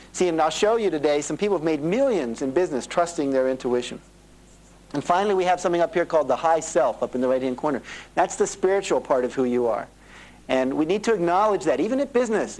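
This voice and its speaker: On an old cassette tape of poor audio quality, a middle-aged man with a slightly high voice leads a motivational seminar before a live audience. He tells stories with lively, animated energy, slipping into the voices of the people he quotes.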